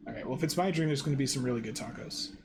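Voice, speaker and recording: A man's voice: mid-range voice, racing. A man co-hosting a board game playthrough, chatting in a joking, easygoing way. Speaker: podcast co-host and game player. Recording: clear background noise.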